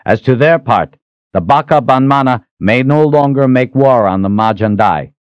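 A man voicing a defiant young male hero who wields magic, speaking forcefully and with measured threats. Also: mid-range voice, smooth, no echo, highs cut off, pitched above the performer's own voice, lightly acted. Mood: commanding.

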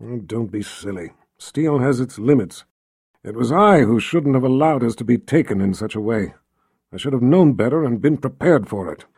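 A man's voice: medium pitch, expressive, moderate pace, a little mellow, breathy edge, no room sound. A male narrator voicing a weary, wry older wizard, grumbling dryly. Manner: grumbling, dry.

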